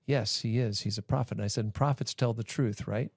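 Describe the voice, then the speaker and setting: A man's voice: fairly low pitch, steady tone, a little fast, gravelly, husky, no room sound. A man hosting a church podcast, talking in a casual, rambling way full of fillers. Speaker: podcast host.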